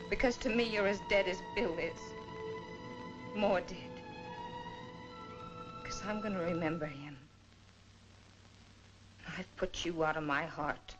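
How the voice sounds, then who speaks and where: A grieving young woman turning away a man with cold, accusing words. Her voice comes through a muffled old film soundtrack with an orchestral score playing clearly behind it. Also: lowish voice. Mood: furious. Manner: cold, accusing, rising to anger.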